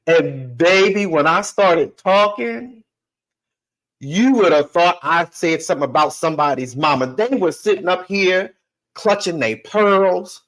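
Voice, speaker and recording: A man's voice: high-pitched, expressive, slow pace, fairly bright tone, poor audio. A man hosting a podcast, telling a personal story in an emphatic monologue that repeats phrases and addresses listeners directly. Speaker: podcast host.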